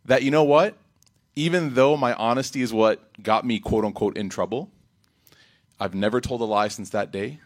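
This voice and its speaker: A man giving an Islamic reminder talk in a lively, rhetorical way, breaking into quick Arabic recitation. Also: lowish voice. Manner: animated, rhetorical, acts out quotes. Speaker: religious speaker.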